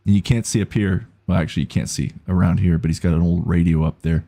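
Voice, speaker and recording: A man's voice: low voice, steady tone, fast, creaky, mellow. A man streaming a game live, chatting casually and reading out viewer messages. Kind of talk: casual gaming commentary.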